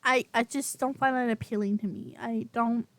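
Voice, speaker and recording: Higher-voiced woman chatting casually. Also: moderate pace, a crowd in the background. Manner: rambling, laughs often, many fillers. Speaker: podcast co-host. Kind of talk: casual chat.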